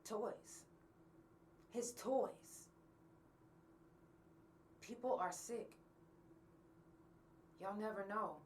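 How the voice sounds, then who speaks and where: A woman's voice: mid-range voice, very slow, long pauses, distant mic, slight background noise. A woman hosting a podcast, talking bluntly and angrily to her listeners and swearing often. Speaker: podcast host. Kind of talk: candid monologue to listeners.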